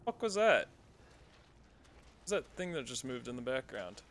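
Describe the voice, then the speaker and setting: A man's voice: mid-range voice, big pitch swings, normal speed, fairly bright tone, a little hiss or hum. A man streaming a horror game, giving casual commentary full of swearing and sarcastic reactions.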